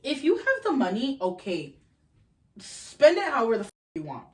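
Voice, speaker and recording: Lively young woman telling a story. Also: on the high side, moderate pace. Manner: animated storyteller, swears freely. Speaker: podcast host. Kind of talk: casual podcast chat.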